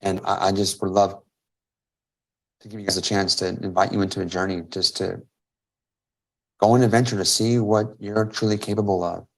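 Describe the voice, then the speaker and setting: A man's voice: sits low, little pitch movement, moderate pace, gravelly, pauses often. A man hosting a live-stream coaching Q&A over a video call. He is emphatic and repeats phrases for stress. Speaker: host and business coach.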